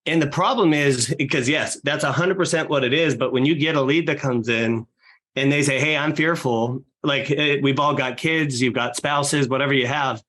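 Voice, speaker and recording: Energetic man talking shop on a podcast. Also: mid-range voice. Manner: fast, energetic, acts out client dialogue. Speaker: real estate team leader guest. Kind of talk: podcast interview talk.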